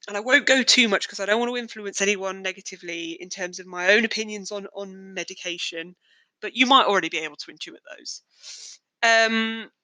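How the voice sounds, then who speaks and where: Candid young woman, bright dry voice. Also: mid-range voice, no room sound, rough recording. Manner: candid, wry, darkly joking. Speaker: podcast host. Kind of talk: personal storytelling monologue.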